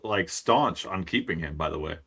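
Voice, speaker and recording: Bright-toned lower-voiced man hosting. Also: lively intonation, moderate pace, breathy edge. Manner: brief, easygoing interjections. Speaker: podcast host. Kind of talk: casual sports chat.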